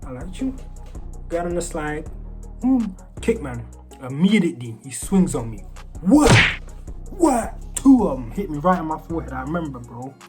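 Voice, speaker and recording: A man's voice: a little high, lively intonation, brisk, over music. A man with a British accent that keeps some American traces, casually telling a story. He rambles and restarts often, with many fillers. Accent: British English with American traces. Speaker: storyteller vlogger.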